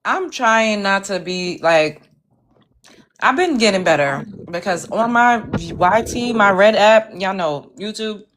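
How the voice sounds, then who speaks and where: A woman's voice: medium pitch, expressive, slow, noisy background. A woman hosting a casual livestream chat, talking in a blunt, slangy way and joking about herself. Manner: blunt, slangy, self-mocking. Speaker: livestream host.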